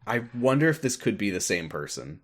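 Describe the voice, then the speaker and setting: Low-voiced man rambling in casual chat. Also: sing-song, brisk. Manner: rambling, filler-heavy, laughs often. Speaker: podcast co-host.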